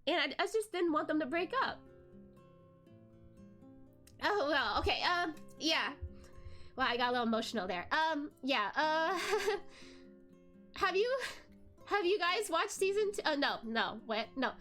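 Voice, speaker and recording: A woman's voice: sits high, animated, a little slow, pauses often, pushed and bright. A young adult woman hosting a VTuber channel, chatting casually and emotionally to her viewers, with fillers and laughs. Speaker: VTuber host. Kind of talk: casual chat to viewers, venting about a drama. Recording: faint background music.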